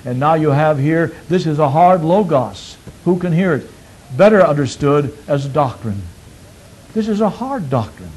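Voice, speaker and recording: A man preaching a sermon, asking his listeners questions and repeating phrases, swinging from loud emphatic peaks to quiet low asides. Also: lively intonation, normal speed, breathy edge, low-quality recording.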